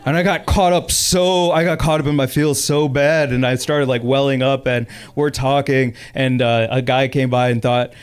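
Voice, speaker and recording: A man in his thirties from Chicago performing a stand-up comedy set on a comedy club stage, animated and laughing through his lines. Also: medium pitch, normal speed, hardly any pauses, smooth.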